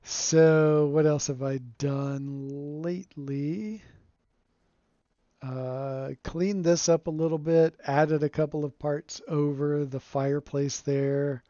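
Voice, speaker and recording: A man streaming a game, giving relaxed, rambling commentary and chuckling often, recorded on a home streaming mic. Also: on the high side, slow, no echo. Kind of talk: casual gameplay commentary. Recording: dull lo-fi dry sound.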